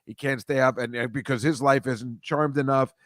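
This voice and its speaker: A man hosts a casual comedy chat show, rambling and self-deprecating as he stammers and restarts. His mid-range, fairly bright voice holds a steady tone at a moderate pace, captured dry with clean studio sound.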